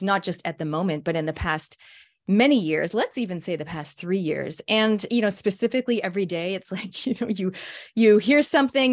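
A woman hosting an interview show, talking with effusive, gushing enthusiasm. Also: lowish voice. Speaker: show host.

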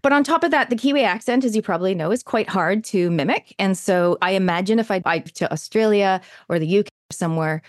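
A woman's voice: mid-range voice, quick pace, hardly any pauses, no echo, clean studio sound. A woman in her thirties with a Canadian accent, chatting in an interview in an enthusiastic, talkative way with lots of fillers. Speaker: interview guest. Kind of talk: casual interview chat.

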